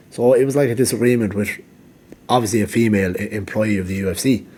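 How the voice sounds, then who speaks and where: A man's voice: fairly low pitch, fast, a little mellow, slightly rough. A man giving rambling casual commentary, full of ums and restarts, and he is losing his voice. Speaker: MMA vlogger.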